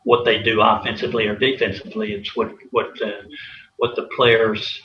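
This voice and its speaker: A former college athlete with a lowish voice and little pitch movement tells anecdotes at a moderate pace in a casual storytelling interview, rambling with many fillers and chuckles. The recording is roomy, slightly dull, with faint hiss.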